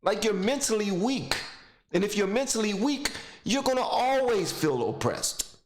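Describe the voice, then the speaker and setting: A man's voice: sits high, sing-song, unhurried, echoey room. A man giving blunt, mocking casual commentary while reacting to a video clip, rambling into stories.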